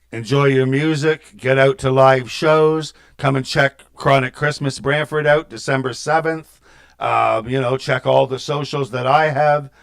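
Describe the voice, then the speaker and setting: A man's voice: mid-range voice, smooth. A middle-aged man hosting a metal show, telling a long story in a rambling, profane, self-interrupting way. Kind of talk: rambling casual monologue.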